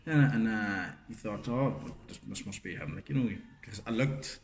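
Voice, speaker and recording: At normal speed and a fairly low pitch, a middle-aged man co-hosting a podcast rambles through an anecdote. The room is roomy and echoey, and his casual storytelling is thick with fillers and curses.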